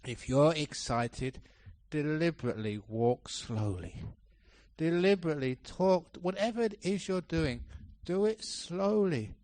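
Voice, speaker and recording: Monk giving a lively dharma talk, slightly high voice, close dry sound, animated storyteller. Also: male voice, unhurried, dry recording. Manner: lively storytelling, changes pitch and pace to act out examples, laughs often. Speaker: Buddhist monk teaching a retreat. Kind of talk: dharma talk to a retreat audience. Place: temple hall, live talk.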